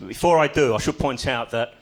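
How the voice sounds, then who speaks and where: A man's voice: mid-range voice, fairly quick. An older man doing a stand-up comedy set on a club stage, telling stories with dry, self-mocking humor.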